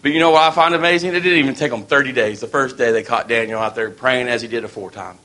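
A man's voice: mid-range voice, quick pace, sharp tone. A man preaching a sermon in a folksy, storytelling way.

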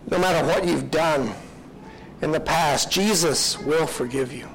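Man, preacher, sermon, high voice, slow and earnest, faint room noise. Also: gravelly, rough recording. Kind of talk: sermon storytelling.

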